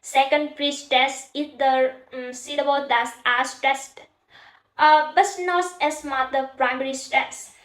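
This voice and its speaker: A woman's voice: high voice, steady tone, measured pace, fairly bright tone, reverberant, rough recording. A young woman with a Vietnamese accent gives a class presentation, hesitant and full of "uh" fillers. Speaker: student presenter. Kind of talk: class presentation on English stress.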